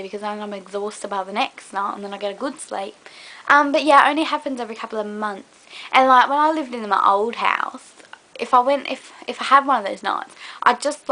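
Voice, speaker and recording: A woman's voice: fairly high pitch, sharp tone. A young woman chatting casually to a fellow vlogger in a put-on British accent, rambling with many fillers. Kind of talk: casual chat to a collab partner.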